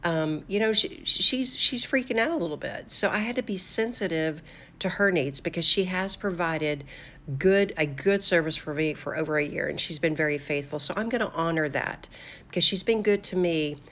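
Low-voiced earnest woman, devotional host. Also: normal speed, fairly bright tone. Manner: earnest and conversational, with fillers and restarts. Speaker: host of a faith talk show. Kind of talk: devotional talk to listeners.

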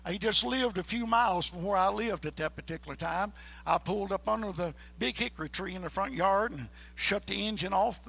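A man's voice: sits high, brisk, creaky, sharp tone, slightly rough. A man, a preacher telling a folksy, emphatic testimony story.

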